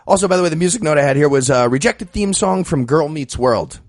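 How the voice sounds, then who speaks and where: Playful male co-host, lively pitch. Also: fast, no echo, studio quality. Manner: playful, jokey. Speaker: podcast co-host. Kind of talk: casual comedic movie riffing.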